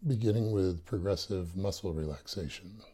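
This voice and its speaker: A man leading a guided meditation, calm and soft-spoken with touches of light humor. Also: deep voice, moderate pace, husky. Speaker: meditation teacher.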